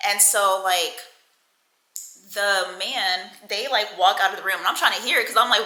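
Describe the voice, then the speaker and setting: Animated woman telling a story. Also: fairly high pitch, normal speed, roomy sound, poor audio. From Houston area. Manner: animated, laughing, acts out quoted people. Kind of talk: casual storytime vlog.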